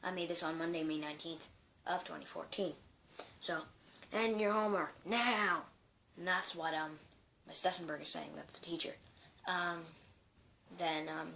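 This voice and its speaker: A man's voice: on the high side, gravelly, pushed and bright, a little hiss or hum, rough recording. A man casually showing and reading his own comic strips, rambling with many restarts. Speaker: amateur comic strip creator.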